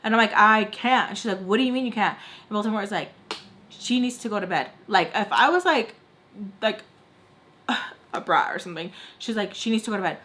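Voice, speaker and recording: A woman's voice: medium pitch, expressive, fairly quick, long pauses, a bit bright, slight background noise. A young woman vlogger telling a casual storytime, chatty, filling her speech with "like" and acting out what others said. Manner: chatty, heavy use of "like", acts out quoted lines.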